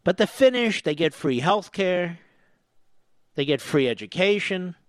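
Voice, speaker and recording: A man's voice: high voice, lively intonation, unhurried, no room sound, clean studio sound. An older man from the US East Coast hosting talk radio, sarcastic and combative in a mocking monologue. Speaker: radio talk show host.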